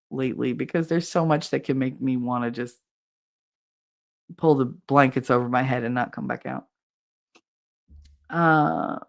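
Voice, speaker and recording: A woman's voice: very deep voice, gravelly. A woman, hosting a casual livestream chat, laughing often and acting out quotes as she tells stories. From Hoboken, New Jersey. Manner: animated storyteller, laughs often, acts out quotes. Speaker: livestream podcast host. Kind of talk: casual chat reading viewer comments.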